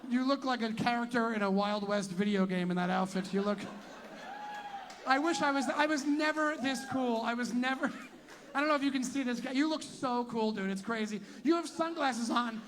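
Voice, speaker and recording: A man's voice: very high voice, fairly bright tone. A man doing profane stand-up crowd work, teasing audience members in a tent venue. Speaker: stand-up comedian.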